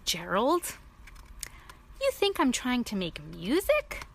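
A woman's voice: on the high side, huge pitch swings, slow, slight background noise, full character voice. A woman voicing a cheerful, playful young female pig, reading a picture book aloud with a bouncy, eager manner.

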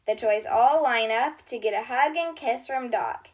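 A woman hosting a channel where she reads children's storybooks aloud in a gentle voice. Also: fairly high pitch. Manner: gentle, unhurried reading voice.

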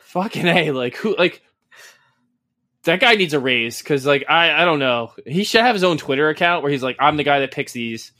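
A man's voice: fairly high pitch, expressive, normal speed, pushed and bright, no room sound, clean studio sound. A man co-hosting a casual podcast, rambling along with plenty of swearing and sarcasm. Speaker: podcast co-host.

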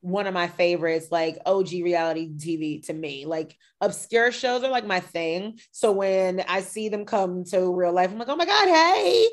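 A woman hosting a podcast in casual chat, animated and playfully shady, acting out reactions. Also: on the low side, normal speed, few pauses. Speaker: podcast host.

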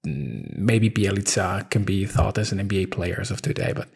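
A man in his thirties with an Italian accent, chatting casually as a podcast co-host, halting with many ums and restarts. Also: low voice, expressive, gravelly, breathy edge. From Italy. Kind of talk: casual chat.

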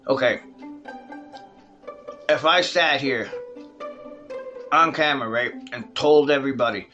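A man's voice: mid-range voice, a little slow, sharp tone, muffled recording. Guy ranting to camera, swears a lot, calls everyone folks, bit of music behind. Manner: profane, heated, addresses the audience as folks. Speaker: vlogger. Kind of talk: casual political rant.

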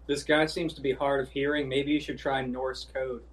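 A man's voice: mid-range voice, level tone, normal speed. A man playing a tabletop game, chatting casually and joking. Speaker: player. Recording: distant mic.

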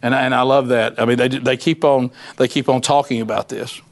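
A man's voice: medium pitch, steady tone, fairly quick. A man teaching a Bible study in a folksy, conversational way, acting out the voices of Bible figures.

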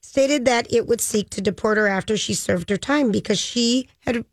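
A woman's voice: a little high, moderate pace, no room sound. A woman co-hosting a casual chat, retelling a news story in a loose way with frequent ums and a dismissive "blah, blah.".

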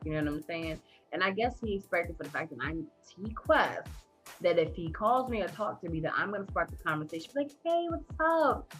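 A woman co-hosting a podcast in casual chat, sassy and animated as she tells a story into a studio mic. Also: fairly low pitch, brisk, faint music behind. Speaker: podcast co-host. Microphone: studio microphone.

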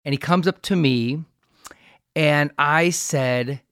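A man's voice: on the high side, takes it slowly, fairly bright tone, clean tone, no room sound. Chatty middle-aged male host, dry sound. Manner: chatty, trades stories with his guest. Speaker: podcast host. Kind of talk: casual interview chat.

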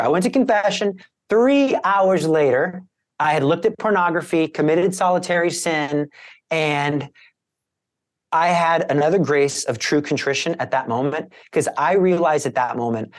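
A young man, a Catholic evangelist appearing as a guest, earnestly telling the emotional story of his conversion. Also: on the high side. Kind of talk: personal conversion testimony.

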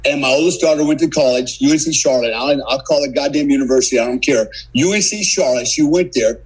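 A man's voice: medium pitch, fast, breathy edge, low-quality recording. An older man on a podcast as a guest, ranting angrily and with heavy profanity. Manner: angry, profane, emphatic. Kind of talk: heated podcast rant.

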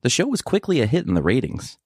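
A man giving scripted documentary narration in an informative, expressive manner. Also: mid-range voice, fast, slightly rough, no room sound, studio quality.

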